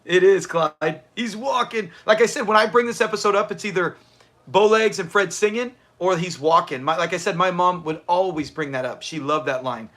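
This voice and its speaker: A man's voice: sits high, fairly quick, a bit bright. A man hosting a livestream watch party, chatting casually, answering viewers and laughing often. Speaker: livestream host.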